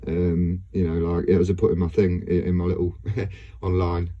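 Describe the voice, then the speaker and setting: A man's voice: low-pitched, completely flat delivery, moderate pace, lo-fi sound, a little hiss or hum. A man, talking in a rambling casual monologue to his viewers, hesitant and full of fillers and restarts. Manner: hesitant, many fillers and restarts, laughs often. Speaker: video blogger.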